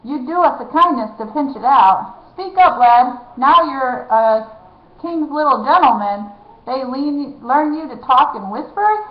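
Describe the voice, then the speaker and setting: A woman voicing a hearty, hard-of-hearing old man who catches rats, talking loudly in rough country dialect. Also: expressive, measured pace. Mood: booming, hearty. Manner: loud, booming, country dialect. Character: old deaf male rat catcher, hearty. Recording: echoey, dull lo-fi room.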